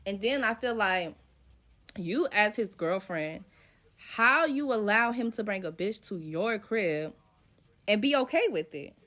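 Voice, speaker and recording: Speaking a little slowly, a young woman recounts a personal story full of swearing and slang, retelling scenes by voicing the quoted dialogue. Her mid-range voice is a bit bright, with lively intonation.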